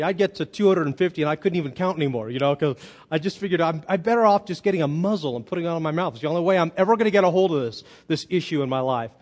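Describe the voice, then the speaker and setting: A man preaching a sermon, telling a personal story and rising to loud, emphatic peaks. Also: high-pitched. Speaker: pastor.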